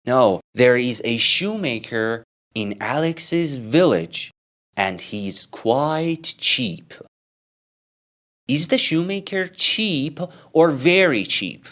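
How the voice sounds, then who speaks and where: Guy teaching a mini story, asks a question then answers it, slow and bouncy. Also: mid-range voice, big pitch swings, a bit bright. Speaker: English teacher.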